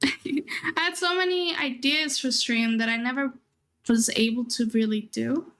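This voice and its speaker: A woman's voice: on the high side, a bit bright. A young adult woman streaming, chatting casually and rambling, often laughing as she talks. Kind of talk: casual chat.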